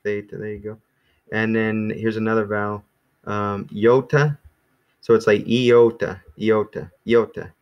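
A man teaching a small class in a relaxed, rambling way, with many ums and restarts. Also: fairly low pitch, unhurried, smooth, muffled recording. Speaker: Greek teacher.

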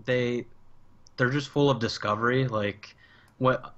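A young man chatting casually about games, relaxed and often restarting his sentences. His voice sits at a middle pitch. The sound is a bit dull and lo-fi. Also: unhurried. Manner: hesitant restarts, relaxed, enthusiastic about discovery. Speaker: podcast co-host. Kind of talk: casual gaming chat.

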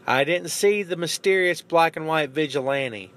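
A man with a slightly higher voice holds forth in an opinionated, animated monologue. He speaks casually and keeps turning to the listener with "man" and "you know what I'm saying." His delivery is relaxed, conversational podcast talk. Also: normal speed. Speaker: podcast host. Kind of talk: casual wrestling commentary.

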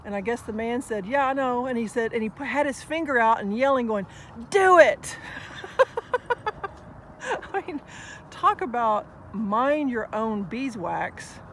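A woman's voice: normal speed, few pauses, slight background noise. A woman chatting casually to the camera at an outdoor dog park. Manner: chatty, praises her dogs in a high sing-song. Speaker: dog vlogger. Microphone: action camera.

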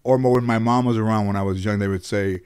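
A man from the Los Angeles area, a comedian guest telling stories in a casual interview, animated and cursing freely with bursts of laughter. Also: lowish voice, quick pace, smooth.

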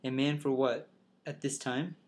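A man's voice: medium pitch, steady tone, unhurried, natural voice. A man reading the part of a stern, condescending middle-aged Southern sheriff, questioning in a plainly read voice. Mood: interrogating.

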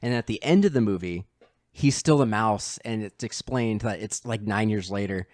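A man co-hosting a podcast in casual chat, animated and energetic as he retells scenes. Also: on the low side, normal speed, no room sound, clean studio sound. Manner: animated retelling, acting out quoted lines. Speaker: podcast co-host.

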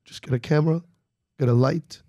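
A man's voice: on the high side, brisk, no room sound. A man in his twenties, a comedian guest, chatting on a studio podcast and acting out other voices as he tells stories. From Miami, Florida. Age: 20s. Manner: animated storyteller, acts out voices. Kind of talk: casual podcast chat. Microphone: studio microphone.

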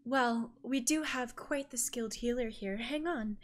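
A woman voicing an enchanting, gracious island leader who speaks softly and sweetly, flattering the travelers. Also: on the high side, a little slow, natural voice. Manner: soft, sweet, gently flattering. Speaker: character voiced by the game master.

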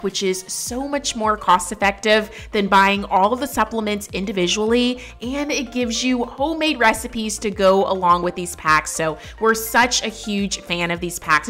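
A young woman talking through a home dog-food recipe in an upbeat, enthusiastic vlog style, with sponsor mentions. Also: sharp tone. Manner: upbeat, enthusiastic, high sing-song baby talk to her dogs. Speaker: vlogger. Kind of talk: casual vlog narration with sponsor read.

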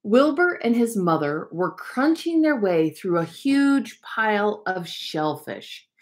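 A woman teacher reading a picture book aloud to young children, gently asking them questions. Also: mid-range voice, sing-song, slow. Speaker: preschool teacher.

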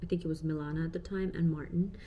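A woman's voice: fairly low pitch, fairly even intonation, quick pace, dark tone, dull audio, a little hiss or hum. A woman in her thirties, a parent vlogger talking casually and reflectively to camera with many fillers.

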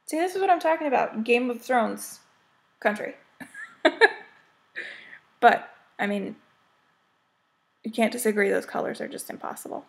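A woman's voice: on the high side, expressive, a little slow, creaky, long pauses. An American woman chatting casually as she shows her cross-stitch projects, rambling and gushing over them. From United States. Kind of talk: casual show-and-tell chat.

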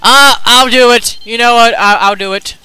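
A young man giving loud, teasing commentary while playing a party video game, breaking into sudden shouts. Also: extremely high pitch, fairly even intonation, moderate pace, smooth, no echo, low-quality recording. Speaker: let's play commentator. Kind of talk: excited gameplay commentary.

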